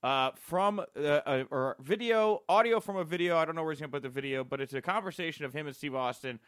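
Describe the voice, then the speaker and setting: A man's voice: on the high side, fast, a bit bright, clean tone, dry recording, studio quality. A young man hosting a wrestling talk podcast, playful and joking in casual chat with his co-host. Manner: playful and jokey, sings his greeting.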